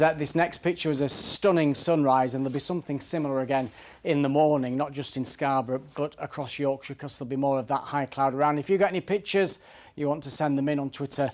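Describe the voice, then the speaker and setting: A man presenting the TV weather forecast in a brisk, upbeat, conversational way from a studio. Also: on the high side, fairly even intonation.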